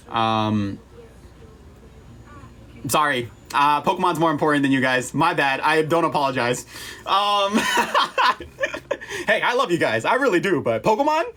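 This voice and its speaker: A man's voice: fairly high pitch, fairly bright tone. A young man chatting casually to his viewers on a livestream, rambling, playful and swearing freely. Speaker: livestream host.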